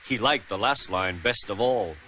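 A man narrating a children's storybook in a lively, expressive reading style. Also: lowish voice, normal speed. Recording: music playing underneath.

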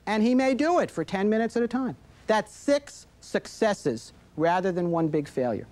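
A man's voice: high-pitched, expressive, moderate pace, darkish tone. A man giving an instructional talk to parents on child behavior, explaining with examples and acting out quoted lines from a 1980s videotape.

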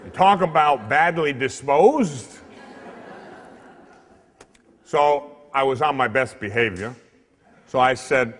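In a church with long hall reverb, a priest delivers a comic sermon built around a story, animatedly acting out the people in it. His medium-pitched voice takes its time, pausing often.

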